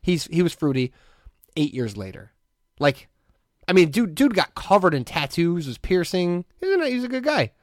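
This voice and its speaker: A man co-hosting a podcast, telling stories in a casual chat and acting out other people's lines in sudden high voices. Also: normal speed, no room sound, studio quality. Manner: animated, acts out other people's voices with big pitch jumps. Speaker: podcast co-host.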